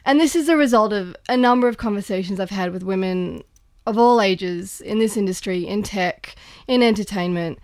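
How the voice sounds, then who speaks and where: A woman's voice: mid-range voice, moderate pace, a little mellow, dry recording. A woman co-hosting a podcast, speaking earnestly and thoughtfully, often restarting her sentences. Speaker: podcast co-host. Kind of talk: casual podcast discussion.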